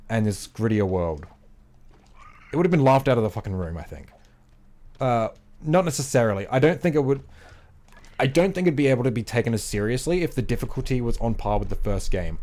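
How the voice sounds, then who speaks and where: The speaker is a male game streamer with a medium-pitched, slightly mellow voice, talking casually and out of breath as he plays. His livestream chat is rambling and opinionated, with many fillers and some cursing.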